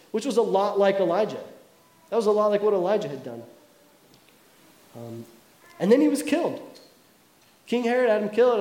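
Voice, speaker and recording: A pastor with a high, mellow voice tells his sermon like a story, chatting to the congregation with casual asides. His voice carries around an echoey church room.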